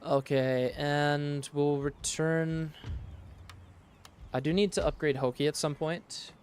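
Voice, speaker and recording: A man streaming a strategy game, commenting casually and thinking aloud in a relaxed, matter-of-fact way on a studio microphone. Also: on the high side, takes it slowly, slight background noise. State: sleepy, yawning. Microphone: studio dynamic mic.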